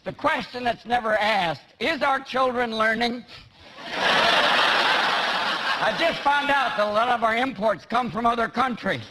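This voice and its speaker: A man performing a stand-up comedy set in a large theatre, with a fast, mocking delivery. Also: very high voice. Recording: loud noise, live theatre.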